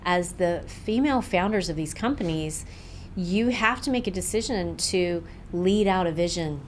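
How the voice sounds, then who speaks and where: A woman with a slightly low voice hosts a podcast interview, encouraging and affirming as she talks things through. Faint background noise sits under her voice. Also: normal speed. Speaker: podcast host. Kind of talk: interview conversation.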